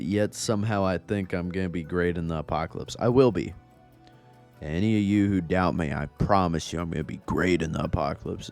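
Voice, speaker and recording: Deep-voiced young man rambling over gameplay. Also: darkish tone. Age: young adult. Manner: rambling, profane, self-mocking. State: a bit out of breath. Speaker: gaming YouTuber. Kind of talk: casual gameplay commentary. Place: home.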